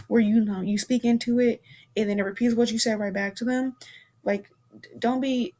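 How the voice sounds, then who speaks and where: A woman's voice: fairly high pitch, normal speed, mellow. A woman in her twenties hosting a podcast, talking in a casual, chatty way full of fillers and restarts, frank and playful with mild swearing. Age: 20s. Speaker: podcast host. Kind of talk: casual chat.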